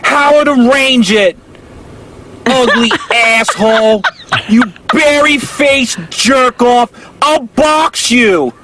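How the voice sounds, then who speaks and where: A man's voice: very high-pitched, slow pace, background noise. A man voicing a combative, foul-mouthed man with a heavy stutter who keeps getting stuck on words. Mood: ranting. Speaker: caller doing an impression.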